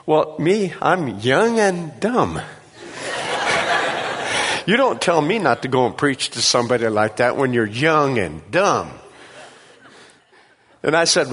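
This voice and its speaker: A man preaching in a church sanctuary, telling stories with lively, acted-out voices. His voice sits at an ordinary middle pitch. A long hall reverb trails every phrase. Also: measured pace, pauses often. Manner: animated storytelling, acts out voices. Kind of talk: sermon with personal stories.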